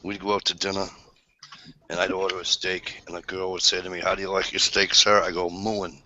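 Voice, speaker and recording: A man's voice: low voice, completely flat delivery, fairly quick, sharp tone, highs cut off. A man telling crude, blunt anecdotes in a casual group chat. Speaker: panelist.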